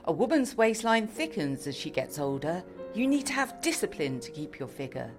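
A woman's voice: on the low side, sing-song, normal speed, music in the background. A woman voicing a posh, fussy middle-aged mother who lectures firmly in a trilling voice. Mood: lecturing.

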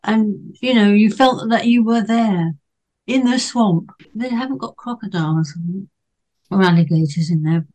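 A woman's voice: medium pitch, unhurried, darkish tone, rough recording. A woman speaking as a panelist in a casual book club discussion, chatty and hesitant, with many fillers and restarts.

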